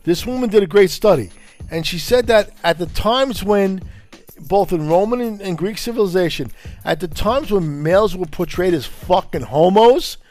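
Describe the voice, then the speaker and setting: A man's voice: sits high, lively intonation, normal speed, a little mellow, faint music behind. Furious, cursing man. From Brooklyn, New York. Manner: furious, profane, confrontational. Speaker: podcast host. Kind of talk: angry profane rant.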